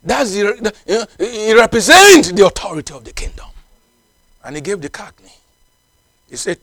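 A man's voice: high voice, big pitch swings, moderate pace, long pauses, fairly bright tone, no room sound. A man preaching a sermon in a non-native English, emphatic and repetitive, with frequent exclamations of praise. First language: not English.

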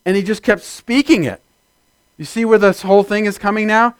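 A man preaching a sermon, building from steady teaching to loud shouted amens. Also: high-pitched, a little fast, clean tone, no room sound. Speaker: pastor.

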